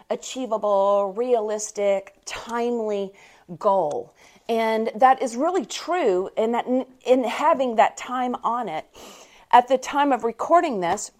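A woman hosting a podcast, telling a story in a chatty, animated way. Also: fairly high pitch. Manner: chatty and animated, with frequent laughs. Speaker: podcast host. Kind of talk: casual storytelling monologue.

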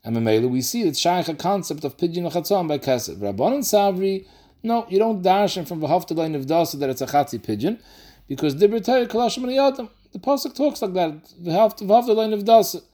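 A man teaching a daily Talmud class, explaining quickly and mixing in Aramaic and Yiddish terms. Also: sits high, sing-song, warm tone.

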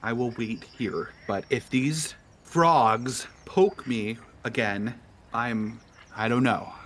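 Brief: man putting on a whiny, stammering, wealthy complainer, pitched up and bright. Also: takes it slowly, slight background noise. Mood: exasperated. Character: fussy rich male guest, indignant complainer.

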